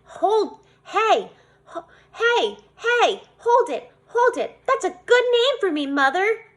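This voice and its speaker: A woman voicing an excitable, mischievous little girl who exclaims loudly. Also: sits high, a little fast, heavily acted. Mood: excited.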